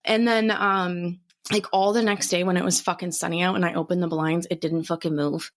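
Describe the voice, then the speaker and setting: A young adult woman co-hosting a podcast, telling a story in a casual, animated way and swearing freely. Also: lowish voice, brisk. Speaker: podcast co-host. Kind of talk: casual chat.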